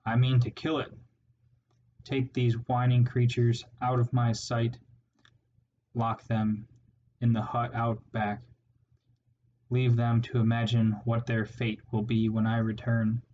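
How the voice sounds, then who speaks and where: A cruel, arrogant rat warlord sneers and rants with menace in a storybook tale, as a male reader puts him on. His voice is fairly flat in tune, on a slightly dull recording with a faint hiss. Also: mid-range voice, slow, long pauses, natural voice. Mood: cold contempt.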